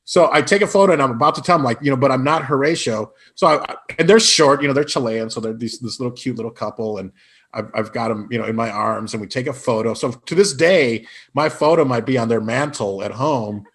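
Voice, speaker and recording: Husky-voiced male comedian telling stories. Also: mid-range voice, fast talker. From Illinois. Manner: animated anecdotes with put-on quoted voices. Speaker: podcast guest, improv actor and comedian. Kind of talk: casual storytelling interview.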